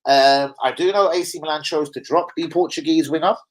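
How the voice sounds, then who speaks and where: A young man hosting a casual football fan livestream, rambling, swearing freely and reading out chat shout-outs. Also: fairly high pitch, a little fast, rough recording.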